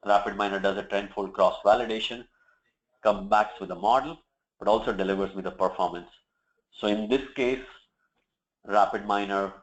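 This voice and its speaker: A man presenting a software demo, walking through each step in a steady, explanatory way with occasional fillers. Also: deep voice, muffled recording. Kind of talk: product demo walkthrough.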